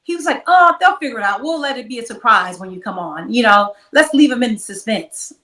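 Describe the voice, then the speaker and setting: A woman's voice: a little high, a little fast, roomy sound, far from the mic, rough recording. A woman guest telling a long story in an interview, acting out the back-and-forth of quoted dialogue. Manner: animated, acts out quoted dialogue.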